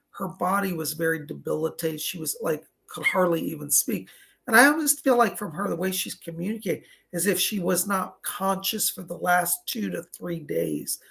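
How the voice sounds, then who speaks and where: Doing live online readings as a psychic medium, this man passes along messages, frequently interrupting himself with "hold on" and occasionally coughing or clearing his throat between readings. His voice sits high and sounds a bit bright.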